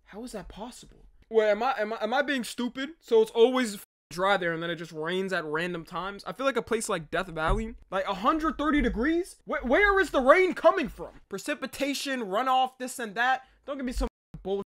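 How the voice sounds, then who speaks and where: A man's voice: sits high, a little fast, fairly bright tone. A man hosting a reaction video, joking loosely, swearing and talking back to the clip he watches. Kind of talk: casual reaction commentary.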